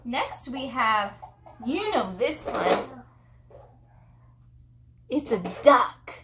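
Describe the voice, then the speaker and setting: A mother hosting a home video, teaching her child farm animal sounds and signs in a slow, sing-song way meant for a small child. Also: a little high, very animated. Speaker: mother and channel host. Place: home room, playing with a toy farm. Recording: echoey room with background noise.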